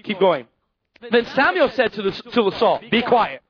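A male pastor preaching a sermon, animated, repeating phrases and acting out Bible characters. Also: high voice, moderate pace, muffled recording.

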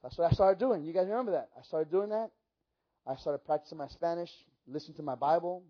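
A man telling stories in a sermon as a pastor, animated and acting out the dialogue himself. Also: on the high side, fairly quick. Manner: animated, acts out quoted dialogue. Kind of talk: storytelling sermon. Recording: dull lo-fi recording.

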